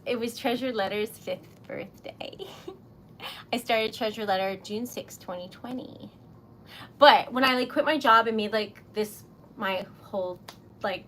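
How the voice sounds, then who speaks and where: A woman's voice: mid-range voice, fairly bright tone, a little hiss or hum. A woman chatting on a livestream about her small craft business, giggling often and filling her talk with likes and ums. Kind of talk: casual livestream chat.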